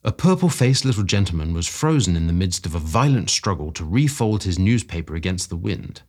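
A man reading a classic story aloud as narration in an expressive way that rises with excitement. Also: low-pitched, fairly quick. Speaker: podcast story reader.

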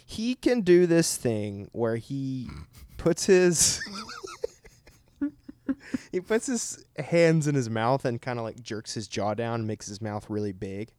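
A man's voice: mid-range voice, animated, slow, mellow, clear, resonant tone. A young man co-hosting a podcast, chatting casually in a rambling, joking way. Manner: rambling, laughing, self-deprecating. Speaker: podcast co-host. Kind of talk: casual chat.

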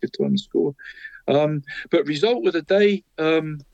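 Bloke rattling off footie scores, says mate a lot, muffled dry recording. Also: male voice, fairly high pitch, measured pace, darkish tone, no room sound. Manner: chatty, calls his co-host "mate" constantly. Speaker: co-host of a local football podcast. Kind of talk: casual results round-up. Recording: dry, dull lo-fi sound.

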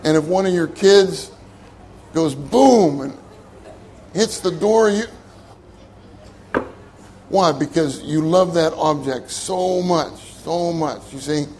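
A man's voice: on the high side, takes it slowly, pauses often, darkish tone, slight background noise. An older man preaching a sermon in a conversational way, repeating his key phrases and laughing at his own jokes.

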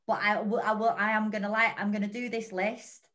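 A woman's voice: mid-range voice, little pitch movement, fairly quick, a bit bright. Earnest rambling woman podcast co-host. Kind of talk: reflective casual chat.

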